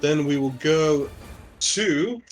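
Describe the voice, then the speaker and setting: Man game master, patient rules talk, frequent restarts, mid pitch, faint background music. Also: normal speed, fairly bright tone. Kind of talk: running a tabletop game online.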